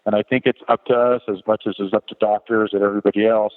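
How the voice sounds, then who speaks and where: Middle-aged male podcast guest, low voice, candid rambling storyteller, heard on a phone-like line with long reverb. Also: little pitch movement, quick pace. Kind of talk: personal story told in an interview.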